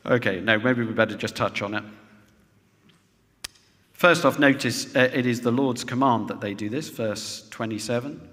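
A man's voice: medium pitch, moderate pace, a bit bright. A man preaching a sermon to a congregation, often ending points with rhetorical tag questions. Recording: long reverb of a large hall.

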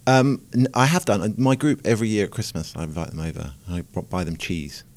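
A man's voice: lowish voice, lively intonation, a little fast, darkish tone. A man, a scientist hosting a podcast, talking in a rambling, self-mocking way. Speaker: podcast host, academic scientist. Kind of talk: casual chat.

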